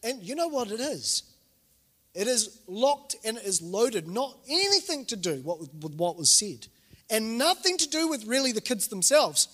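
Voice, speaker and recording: Preaching in a church hall whose reverb fills the recording, a man in his 40s from New Zealand speaks in a high-pitched voice at a moderate pace. As a pastor, he delivers his sermon through lively storytelling, taking on the voices of the people he quotes.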